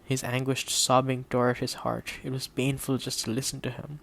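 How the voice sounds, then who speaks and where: Gravelly male audiobook narrator. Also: mid-range voice, completely flat delivery, normal speed, fairly bright tone.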